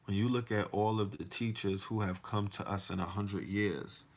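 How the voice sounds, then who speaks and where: A man's voice: fairly low pitch, fairly even intonation, normal speed. A man hosting a podcast, delivering a heated, profane monologue full of rhetorical questions. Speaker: podcast host.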